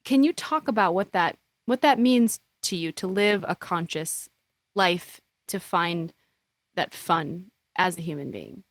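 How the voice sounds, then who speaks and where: A woman's voice: fairly low pitch, a little slow, no echo. A woman hosting a podcast interview, asking effusive, admiring questions. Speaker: podcast host.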